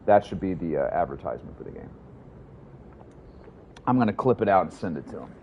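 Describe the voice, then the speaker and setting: A man's voice: sits low, sing-song, fairly quick, darkish tone, highs cut off, slight background noise. A man streaming a game, chatting casually with his viewers in a rambling, profane way. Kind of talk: casual livestream gaming commentary.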